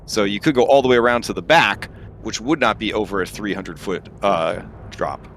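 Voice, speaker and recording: A man narrating a tabletop game as game master, unhurried and full of fillers. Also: on the low side, slight background noise. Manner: lively, unhurried, many fillers.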